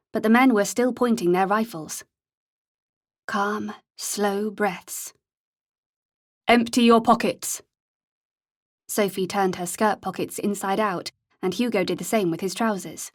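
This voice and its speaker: A female audiobook narrator reads scripted text at medium pitch, steady and measured as she tells the story. The recording is dry and studio quality.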